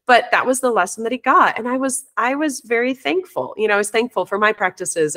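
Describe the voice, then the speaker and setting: A woman talking in an open, reflective way, the way a teacher and parent coach tells a story from her classroom. Her voice sits at a middle pitch, and she often restarts a sentence as she thinks it through. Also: a bit bright. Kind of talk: casual conversational interview.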